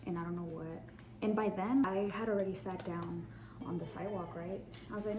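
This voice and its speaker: A woman telling a storytime to her audience in a blunt, profane, animated way. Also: mid-range voice, fast talker. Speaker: storytime vlogger. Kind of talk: casual storytime. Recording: background noise.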